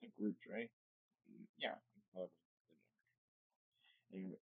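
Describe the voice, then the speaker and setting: A man's voice: medium pitch, normal speed, pauses often, no echo. Tired dude rambling bout his channel late at night, stumbles a lot, jokey tangents, tinny dry mic. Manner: rambling, joking asides, admits stuttering. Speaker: channel host. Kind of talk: casual commentary on a fan game roster.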